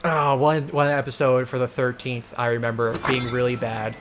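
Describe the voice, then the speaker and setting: A let's play host gives casual gameplay commentary, rambling with lots of filler words and slipping into exasperated rants. His voice is medium-pitched and level in tone at normal speed, with a noisy background.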